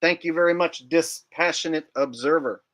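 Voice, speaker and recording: A man's voice: on the high side, moderate pace, fairly bright tone. A man hosting a casual livestream, joking and rambling while he reads out chat comments. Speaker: livestream host.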